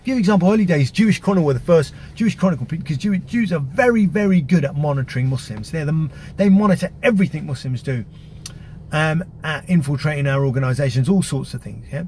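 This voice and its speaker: A fairly high-voiced man, talking through advice in a loose, unscripted way. He pushes each point hard, stumbles over repeated words and keeps checking in with "yeah?" and "right?". A faint hiss sits under his voice. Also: lively intonation, fast talker, a little mellow. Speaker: activist giving media advice. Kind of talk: casual instructional talk.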